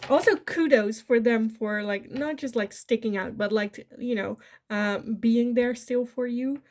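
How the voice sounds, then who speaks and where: A woman's voice: fairly high pitch, a little slow, a little mellow. A woman from the Netherlands, giving a chatty pick-a-card tarot reading. She laughs often and acts out the lines she imagines people saying. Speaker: tarot reader.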